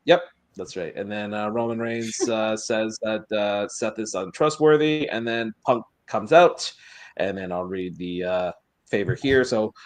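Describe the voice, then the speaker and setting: A man's voice: fairly low pitch, measured pace, no echo. Rambling man recapping wrestling. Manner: rambling, many fillers and restarts. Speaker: podcast co-host. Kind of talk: casual chat recapping a show.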